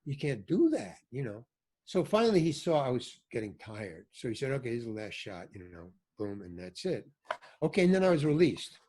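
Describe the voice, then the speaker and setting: A man, an older actor, telling animated stories as a podcast guest and acting out what others said. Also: medium pitch, moderate pace, breathy edge. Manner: animated storyteller, acts out quoted voices. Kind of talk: storytelling in a podcast interview.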